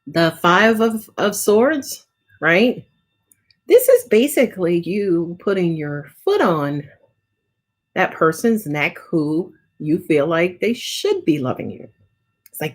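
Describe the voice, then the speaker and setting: Woman, slightly low voice, loose livestream tarot reader who swears freely. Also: lively intonation, slow. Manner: casual, chatty, swears often, frequent "right?" and "um". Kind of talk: live tarot reading with viewer questions.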